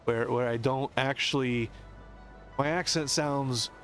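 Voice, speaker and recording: Casual American male streamer, mid-range voice, thinks aloud in long tangents over quiet background music. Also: mid-range voice, fairly even intonation, slow pace. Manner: musing, talkative, explanatory. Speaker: game streamer. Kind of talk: casual rambling commentary.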